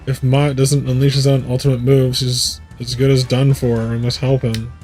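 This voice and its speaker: A man's voice: mid-range voice, little pitch movement, moderate pace, a little mellow, faint music behind, lightly acted. A man voicing a small, fussy and worried moogle creature from a video game. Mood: fretful. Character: small fretful moogle creature ending lines with kupo.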